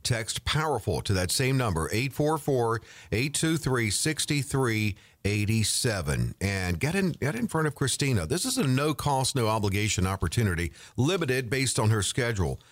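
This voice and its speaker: A man hosting a radio talk show in a lively, promotional way, bringing in a guest and reading out contact details. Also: medium pitch, normal speed, few pauses, dry recording. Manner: lively, promotional, reads phone numbers.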